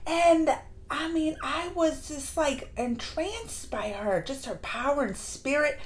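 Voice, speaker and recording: A woman reviewing a movie in a casual vlog, gushing and excitable, with lots of fillers and restarts. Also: high voice, a little hiss or hum. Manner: acts out lines in quick put-on voices. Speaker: movie reaction vlogger. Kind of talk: casual chat.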